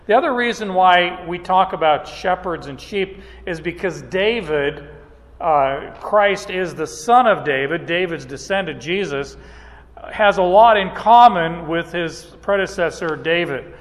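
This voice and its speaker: Slow-talking male Bible teacher in a reverberant hall. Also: high-pitched, lively intonation. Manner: unhurried, with frequent "uh" pauses and restarts. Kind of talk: verse-by-verse Bible lecture.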